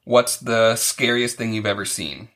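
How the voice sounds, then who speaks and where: Man, podcast host, casual chat, bright forceful tone, plain explaining. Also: fairly low pitch, unhurried. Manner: friendly questioning, explains things plainly. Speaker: podcast host interviewing a child.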